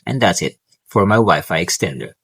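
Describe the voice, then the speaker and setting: A man's voice: deep voice, animated, a little fast, noisy background. A male student vlogger casually and eagerly talking through his home tech, with small slips and restarts. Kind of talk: casual tech vlog talk. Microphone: clip-on wireless mic.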